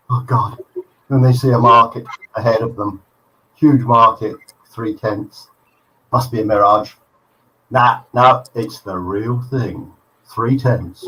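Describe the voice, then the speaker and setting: An English man with an English accent, telling a corny joke at a slow, deliberate pace on a live chat show. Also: medium pitch, a bit bright, low-quality recording. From England.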